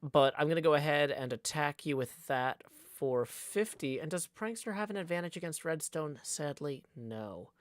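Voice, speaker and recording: A man's voice: fairly high pitch, normal speed, few pauses, no room sound. Playful man streaming a card game. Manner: playful, chatty, joking asides. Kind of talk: casual live-stream chat and play-by-play.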